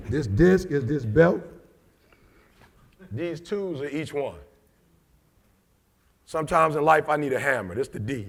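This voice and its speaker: A middle-aged man speaks, in the rhythm of a preacher giving a motivational talk. His voice sits high and carries a gravelly edge. He swings from loud emphasis to low, quiet asides.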